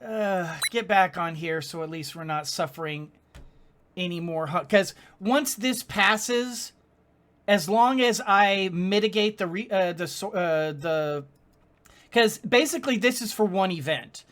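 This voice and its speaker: Woman gamer doing let's play commentary, slow drawn-out talk, lots of groaning and laughing at setbacks. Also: medium pitch. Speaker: gaming channel host.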